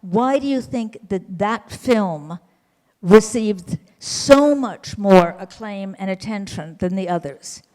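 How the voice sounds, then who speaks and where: A woman's voice: medium pitch, lively intonation, slow, darkish tone, in a large hall, rough recording. A woman hosting an onstage interview, asking long, articulate, probing questions. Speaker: interviewer, host.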